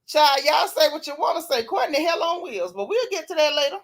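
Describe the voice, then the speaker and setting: A woman hosting a casual live-stream recap, reading viewer comments and talking with sassy, animated flair, often yawning and laughing. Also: high voice, fairly quick. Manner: sassy, animated, Southern Black vernacular gossip. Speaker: reality TV recap host reading live chat.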